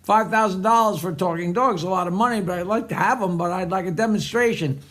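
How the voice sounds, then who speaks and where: A man's voice: high voice, a bit bright. A man voicing an impatient customer who keeps threatening to walk out, in a joke. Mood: indignant. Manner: blunt, impatient, quick to storm off. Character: gruff man haggling over a talking dog.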